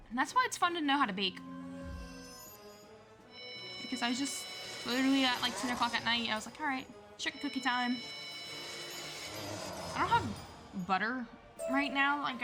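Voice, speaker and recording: Gaming host: young woman, fairly high voice, rambling and chatty, laughs a lot, game music behind her. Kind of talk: casual chat over gameplay.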